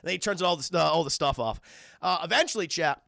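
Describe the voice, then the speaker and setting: Gravelly, bright-voiced excitable man. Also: a little high, fairly quick, dry recording, studio quality. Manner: excitable, profane, addresses chat; acts out characters' lines. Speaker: streamer film reviewer. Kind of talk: live-stream film commentary.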